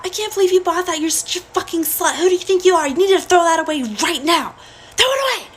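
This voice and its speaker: A woman's voice: extremely high pitch, lively intonation, fast talker, fairly bright tone, pitched above the performer's own voice. A woman acting out her furious, strict, middle-aged mother, screaming insults.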